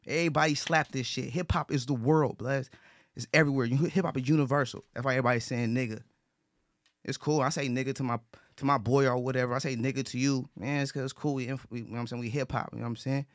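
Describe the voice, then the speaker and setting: In clean studio sound with no echo, a man of medium pitch speaks quickly with fairly even intonation. He chats casually but earnestly, repeating himself, restarting sentences often, and swearing.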